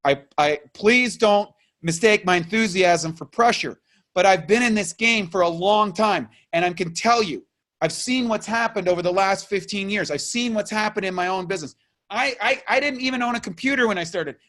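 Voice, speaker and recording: A man's voice: sits high, normal speed, a bit bright. Fired-up man ranting with rhetorical questions. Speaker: motivational business coach. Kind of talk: motivational rant.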